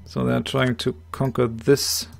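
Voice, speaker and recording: A man with a slightly hoarse voice calmly explaining his moves, thinking aloud in a strategy game let's play. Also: mid-range voice, moderate pace. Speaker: game commentator.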